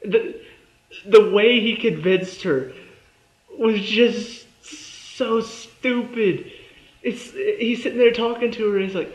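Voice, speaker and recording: A young man with a high voice reviews a TV episode slowly and casually, sounding exasperated and sarcastic and often mimicking the characters. The recording is lo-fi and dull, made in an echoey room.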